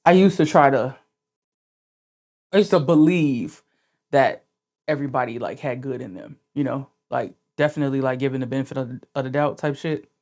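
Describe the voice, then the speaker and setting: A podcast co-host in relaxed, casual chat, swearing often and keeping the banter loose. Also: mid-range voice, moderate pace. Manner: laid-back, profane banter.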